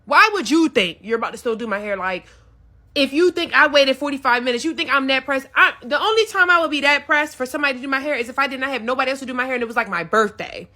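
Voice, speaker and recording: A woman's voice: high voice, lively intonation, fast, sharp tone. A woman telling a casual storytime rant about a salon, exasperated and profane, calling her viewers y'all. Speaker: storyteller recounting a salon dispute.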